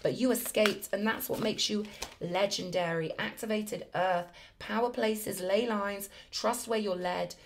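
A woman talks her viewers through a spiritual tarot reading. She sounds effusive and emphatic, with a chatty, mid-pitched voice that keeps pressing each point home. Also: steady tone, a little slow, creaky. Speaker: tarot reader.

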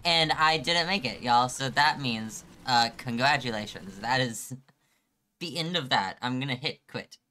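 A man's voice: mid-range voice, unhurried, bright, forceful tone. A man chatting casually to viewers on a live game stream, playful and teasing with mock-dramatic complaints.

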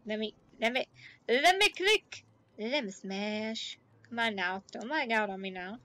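A woman giving chatty let's play commentary, talking to game characters and gushing excitedly. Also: mid-range voice, moderate pace. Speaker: gaming YouTuber.

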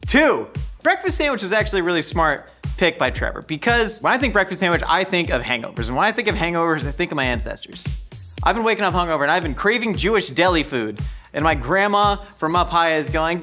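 Male chef-host, high-ish bright voice, jokey rambling cooking narration, soft music bed. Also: expressive. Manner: rambling, joking, doing quick voices for anecdotes.

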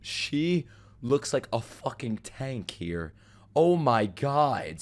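Swearing in disbelief and bursting into laughter, a man reacts to something for the first time in his video, speaking extremely slowly at a medium pitch with big swings. Faint music from the clip he's watching plays underneath.

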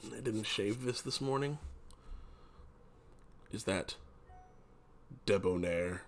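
A man's voice: lowish voice, slow. A man rambling casually and self-mockingly into a close mic, trying out voices as he talks. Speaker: vlogger. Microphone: desk mic up close.

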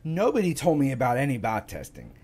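A man giving casual, sarcastic let's-play commentary, animated and swearing often. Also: medium pitch, a little fast, husky. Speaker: gaming video host.

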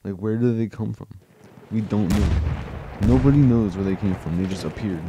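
A young man giving chatty gameplay commentary, excited and urgent at times. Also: fairly low pitch, moderate pace. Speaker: gaming channel host. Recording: gunfire and game noise behind.

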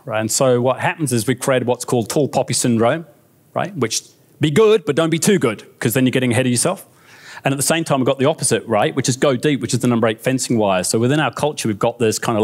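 A man with a New Zealand accent giving a lively, conversational keynote talk on stage, often checking in with the audience. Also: medium pitch. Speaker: conference speaker. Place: conference stage.

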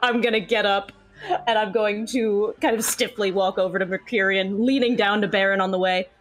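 A woman's voice: medium pitch, fairly even intonation, moderate pace, a little hiss or hum, rough recording. A woman playing a tabletop game, hesitant and giggly as she talks. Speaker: player. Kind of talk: casual game chat. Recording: faint music behind.

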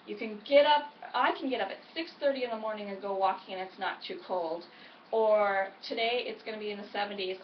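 Upbeat high-voiced Midwestern woman vlogging. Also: a little hiss or hum. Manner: upbeat, chatty, encouraging. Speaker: weight-loss vlogger. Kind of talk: casual chatty vlog. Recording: echoey, distant, dull home recording.

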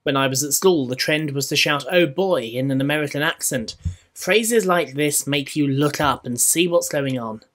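A man with a Scottish accent preaching a sermon in church, measured and rhetorical, with dry humour. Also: a little high, a bit bright. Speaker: minister.

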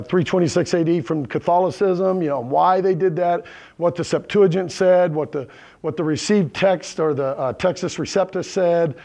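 High, gravelly-voiced preacher checking in. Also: male voice, darkish tone. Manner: checks in with the congregation, asking "right?" and "okay?". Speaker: pastor. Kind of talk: conversational sermon. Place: church sanctuary with congregation.

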